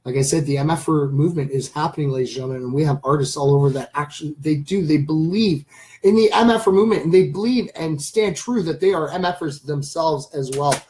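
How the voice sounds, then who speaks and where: A man hosting a casual live stream, rambling enthusiastically to his viewers and addressing them as ladies and gentlemen. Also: a little high, fast talker, low-quality recording. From Canada. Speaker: channel host.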